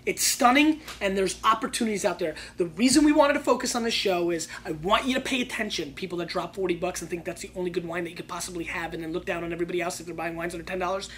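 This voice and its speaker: A man hosting a wine tasting show, reviewing bottles in a loud, excitable, slangy way that jumps between hushed asides and shouting bursts. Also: sits high, fast, few pauses, a little hiss or hum.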